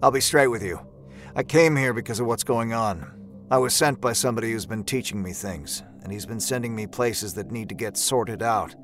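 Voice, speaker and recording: A man's voice: medium pitch, moderate pace, fairly bright tone, faint music behind. A man narrating an audio drama in the first person, with a folksy old-timey drawl and a laid-back, wry manner.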